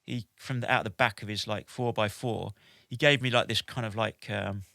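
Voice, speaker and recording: A man in his forties, a podcast guest telling a lively anecdote in an animated way, with lots of "like" and "basically". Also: fairly low pitch, normal speed, gravelly, no room sound, studio quality. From United Kingdom. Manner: animated, with many "like" and "basically" fillers. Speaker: podcast guest, military veteran.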